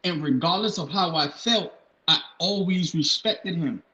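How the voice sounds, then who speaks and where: Animated man, echoey dull recording. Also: a little slow. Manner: animated, jumps into high-pitched acted bits. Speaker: podcast co-host. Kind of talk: casual podcast chat. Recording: echoey room, dull lo-fi sound.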